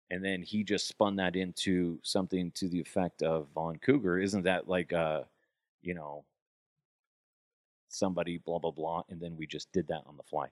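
A low-pitched male podcast host tells stories in casual chat, loose, profane and rambling, quickly slipping into put-on voices. The studio sound is clean, with no echo.

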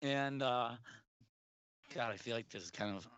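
A man's voice: mid-range voice, unhurried, a bit bright, slight background noise. A young man telling a long, rambling story in casual chat, laughing often and restarting his sentences. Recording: dry, dull lo-fi sound.

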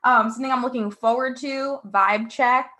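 A woman's voice: fairly high pitch, fairly even intonation, moderate pace, sharp tone. A woman in her twenties chatting casually on a podcast, rambling with many fillers. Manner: rambling, filler-heavy, laughing. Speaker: guest.

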